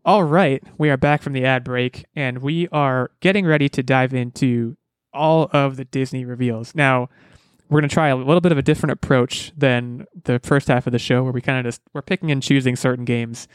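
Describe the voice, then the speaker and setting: A man hosts a casual podcast in an upbeat, rambling manner, restarting his sentences as he goes. His voice is smooth and resonant, recorded close and dry with no room sound. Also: medium pitch, steady tone, moderate pace, dry recording. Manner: rambling, self-correcting, upbeat. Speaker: podcast host.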